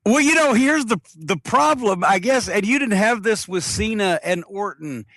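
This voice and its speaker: A male podcast host chats with a guest in quick, eager bursts. His voice sits high for a man. The sound is dry and close. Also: animated, a bit bright, no echo. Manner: quick, talkative, follows up eagerly. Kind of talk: casual interview chat.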